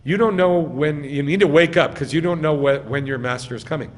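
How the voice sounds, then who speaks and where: A man's voice: fairly high pitch, fairly quick. A man, a rabbi giving a sermon, who quizzes his congregation and answers his own questions with emphatic stress. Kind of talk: sermon teaching. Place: synagogue sanctuary. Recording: long reverb in a hall.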